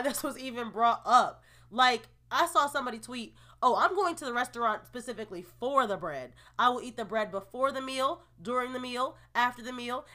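A young woman hosting a casual solo podcast, opinionated and expressive, groaning in disgust and laughing in disbelief as she reacts to the news. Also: fairly high pitch. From New Jersey, USA. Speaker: podcast host.

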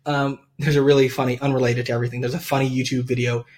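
A young man from the United States chats as host of a relaxed podcast. He rambles and leans on fillers, and he laughs often as he talks. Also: mid-range voice, very fast. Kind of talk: casual chat.

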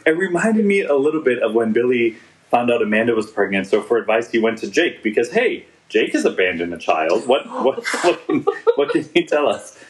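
A man's voice: mid-range voice, big pitch swings, a little fast, poor audio. A man in his forties co-hosting a podcast, chatting casually and joking as he rambles through a TV episode with lots of restarts. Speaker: podcast co-host. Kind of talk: casual chat reviewing a TV episode.

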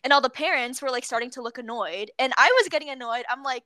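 A young woman co-hosting a casual chat, telling work stories in a giggly, animated way. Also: high-pitched, fairly quick, dry recording. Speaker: podcast co-host.

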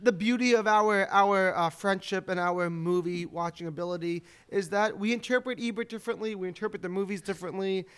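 A man hosting a casual movie podcast, animated and laughing, with a sing-song sign-off. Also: high-pitched, fairly quick, few pauses, clear, resonant tone, no echo. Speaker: podcast host. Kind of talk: casual chat.

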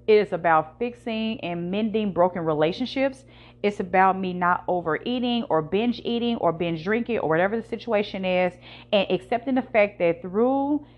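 A woman's voice: medium pitch, dull audio. A woman hosting her own podcast, speaking candidly and emotionally in a casual monologue with slang. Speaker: podcast host. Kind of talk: personal confessional monologue.

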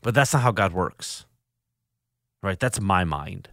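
The studio podcaster speaks in a low-pitched, creaky, fairly bright voice, animated and without echo. Hosting alone, he comes across as earnest and reflective, his sentences often halting and restarting.

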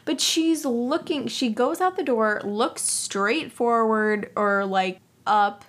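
A woman co-hosting a casual movie podcast, animated and swearing freely as she acts out scenes. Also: on the high side, slow. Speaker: podcast co-host.

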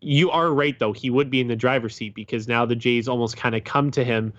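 Man, sports podcast co-host: mid pitch, muffled lo-fi sound, dry room, rambling delivery. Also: steady tone, fairly quick, a bit bright, dry recording. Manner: rambling, hesitant with many fillers and restarts. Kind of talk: casual sports chat. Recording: dull lo-fi sound.

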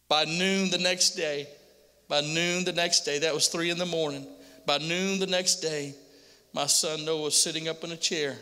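A man's voice: on the high side, bright, forceful tone. A middle-aged father telling an emotional personal testimony to a pastor, earnestly and with frequent repetition. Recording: long hall reverb.

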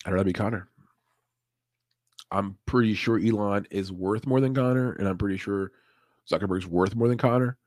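A man's voice: fairly low pitch, normal speed, pauses often, darkish tone, no room sound, studio quality. Laid-back, cursing male podcast host. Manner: loose, profane, laughs often. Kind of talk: casual livestream chat.

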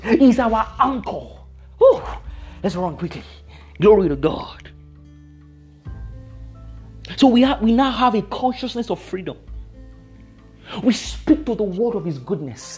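Brief: woman preacher, lively swooping delivery, warm dark tone, faint music behind. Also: mid-range voice. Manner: emphatic, repetitive, laughs often. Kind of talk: sermon.

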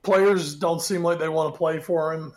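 High-voiced man giving blunt football opinions. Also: fairly even intonation, moderate pace. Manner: opinionated, laughs at own jokes. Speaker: podcast co-host. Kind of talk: casual sports chat.

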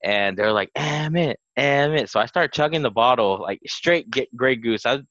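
A man's voice: medium pitch, animated, fairly quick, fairly bright tone, no echo, highs cut off. A young man in his twenties, hosting a podcast and telling a long story casually, with "like" all through it. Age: 20s. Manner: rambling, full of "like" fillers. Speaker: podcast host.

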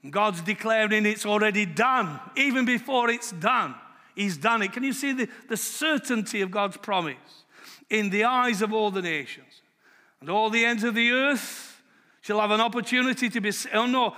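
A British man preaching a sermon, emphatic and swinging from quiet, low passages to loud, raised ones. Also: moderate pace. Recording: long hall reverb.

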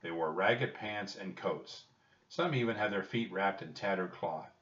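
A man reads a children's storybook aloud in a steady, plain way. His voice is very low. The recording is roomy, distant and dull. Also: unhurried. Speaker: narrator.

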